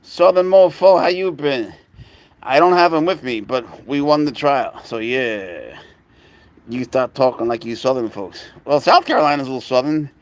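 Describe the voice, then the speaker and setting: A man's voice: mid-range voice, animated, normal speed. Chatty New York man cooing to cats. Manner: cooing baby talk to his cats, rambling and chatty. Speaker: pet owner livestreaming. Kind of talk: casual live stream chat.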